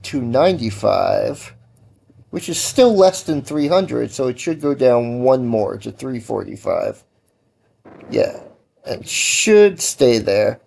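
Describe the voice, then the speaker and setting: A man's voice: medium pitch, sing-song, slow pace, gravelly, darkish tone. Rambling, tired man streaming while coding. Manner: rambling, self-correcting, advice-giving. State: tired, yawning. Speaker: livestreaming game developer. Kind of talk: casual livestream commentary while programming.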